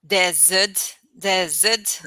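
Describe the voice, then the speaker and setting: A woman's voice: on the low side, extremely slow, bright, forceful tone, dry recording. A woman learning English as a second language, speaking hesitantly over a video call and often laughing. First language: not English. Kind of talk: video-call lesson practice.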